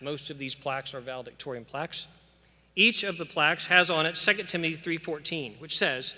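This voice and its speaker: A man's voice: fairly high pitch, fairly quick, bright, forceful tone. A man giving an earnest, emphatic commencement address with scripture, in a preacherly cadence to graduates in a large church. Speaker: school official addressing graduates. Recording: long church-hall reverb.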